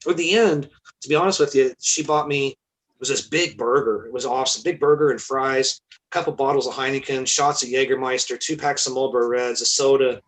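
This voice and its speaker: A man's voice: mid-range voice, steady tone, brisk, a bit bright, rough recording. A man, a guest musician, telling a story in casual chat, candid and swearing freely.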